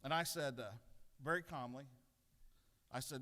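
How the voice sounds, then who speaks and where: A man's voice: mid-range voice, normal speed, long pauses, sharp tone. A middle-aged man gives an earnest devotional sermon at a podium, mixing self-deprecating stories with a spiritual challenge. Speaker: pastor giving a devotional. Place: large legislative chamber. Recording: long reverb in a large chamber.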